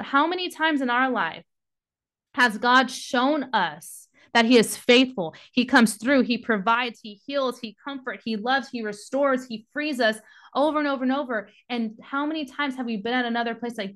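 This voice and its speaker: A woman's voice: on the high side, moderate pace, fairly bright tone. Impassioned woman teaching scripture. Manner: reads scripture then exhorts with rising passion. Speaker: devotional podcast speaker. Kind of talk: devotional Bible teaching.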